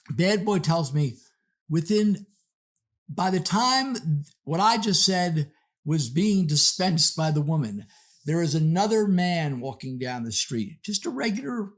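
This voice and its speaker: A man hosting a podcast, telling a story in a casual, animated way and acting out the characters. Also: fairly high pitch. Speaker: podcast host.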